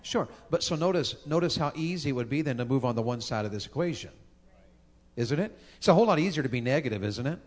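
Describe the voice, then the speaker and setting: A man preaches about marriage. He jokes and asks the crowd questions as he goes. His voice sits at a middling pitch. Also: animated, quick pace. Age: 50s. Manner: folksy, joking, talks with the crowd. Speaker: pastor. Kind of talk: sermon on marriage.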